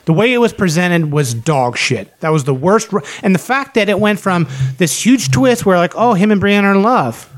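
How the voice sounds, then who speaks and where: Ranting, cursing man with a higher voice. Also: normal speed, few pauses. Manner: ranting, heavy swearing, animated. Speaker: podcast co-host. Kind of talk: casual chat.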